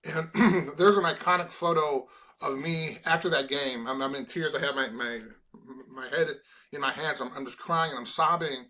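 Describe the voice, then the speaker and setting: A middle-aged man from Chicago speaks as an interview guest, earnest and sincere, stumbling over repeated words as he gathers his thoughts. His voice sits a little high and rings bright and forceful. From Chicago, USA. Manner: earnest, halting with many restarts. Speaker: guest, former college football player. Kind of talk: emotional interview conversation.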